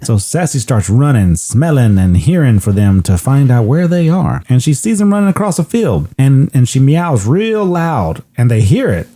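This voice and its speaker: A man's voice: medium pitch, very animated, moderate pace, few pauses, dark tone. A man co-hosting a podcast, casually retelling a movie's plot at length and joking along with his co-hosts. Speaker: podcast co-host. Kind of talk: casual movie recap chat.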